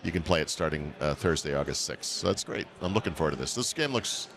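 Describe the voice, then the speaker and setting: A man's voice: extremely low pitch, animated, quick pace, fairly bright tone, a little hiss or hum. A man co-hosting a casual tech chat, wry and rambling, correcting himself as he talks. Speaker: podcast co-host.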